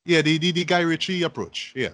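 A man's voice: on the high side, fairly quick, a bit bright, dry recording. A man in casual podcast chat about movies, easygoing and agreeable, often restarting his sentences.

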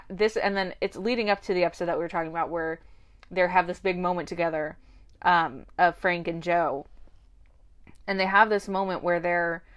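A young woman co-hosting a podcast, chatting casually and acting out characters' lines as she recaps a TV show. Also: lowish voice. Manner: animated, acts out characters' lines. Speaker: podcast co-host.

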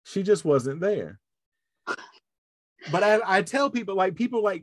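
A man's voice: sits high, big pitch swings, a little slow, pauses often, no room sound, clean studio sound. A man hosting a podcast, telling a story in casual chat and acting out the voices of the people in it. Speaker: podcast host.

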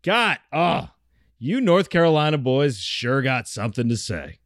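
A man from Virginia joking crudely in a casual chat. His pitch leaps around animatedly, and the sound is dry and close with no room echo. He keeps a loose, comic delivery. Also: sing-song, unhurried. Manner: joking, crude, does silly accents.

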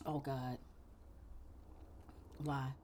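A woman's voice: rumbling low, very slow, husky. A woman co-hosting a podcast in casual chat, telling stories with lots of animation and laughter. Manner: animated storyteller, laughing often. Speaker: podcast co-host.

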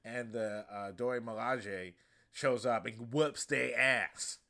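A man hosting a podcast, giving a casual, comedic movie recap in a profane, slangy, animated way. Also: mid-range voice, slow pace. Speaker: podcast host.

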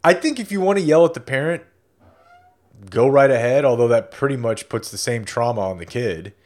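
A man's voice: mid-range voice, a little fast, a little mellow. A man co-hosting a podcast in casual chat, wry and joking. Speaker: podcast co-host.

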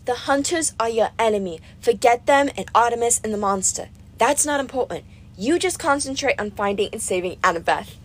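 A woman's voice: a little high, animated, a little fast. Aphrodite, swooning vain goddess voiced by a woman. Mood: gushing. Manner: breathy, swooning, dramatic and doting. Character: vain, gushing goddess of love, adult woman. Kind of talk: audiobook reading.

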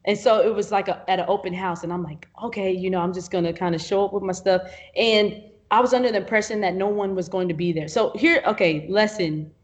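Animated woman telling a work story. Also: medium pitch, fast talker, few pauses. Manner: animated storyteller, acts out quotes, frequent laughs and fillers. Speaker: videographer guest. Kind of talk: casual interview storytelling.

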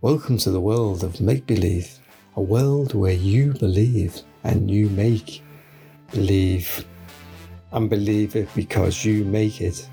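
A man voicing an over-the-top male advert announcer, booming and salesy. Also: takes it slowly, vocal fry, warm tone, faint music behind. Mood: hammy salesy.

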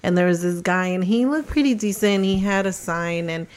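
A woman telling a story in casual podcast chat, acting out quotes in a higher voice. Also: normal speed, clean tone.

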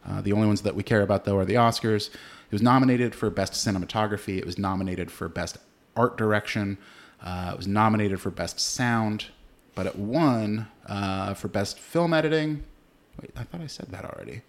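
A man's voice: on the low side, moderate pace. A man co-hosting a movie podcast, talking loosely with frequent fillers and swearing. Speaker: podcast co-host. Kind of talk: casual chat.

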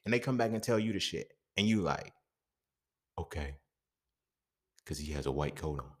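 A man's voice: deep voice, animated, quick pace. A man hosting a podcast, talking in a casual, profane monologue full of rhetorical questions. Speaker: podcast host.

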